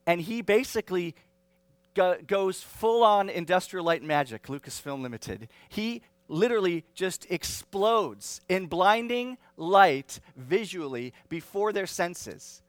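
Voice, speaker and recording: A man preaching, his voice sitting a little high for a man and recorded close and dry. He talks in a lively, conversational way, stopping to restart phrases and adding quick asides. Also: dry recording. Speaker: pastor. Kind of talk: sermon.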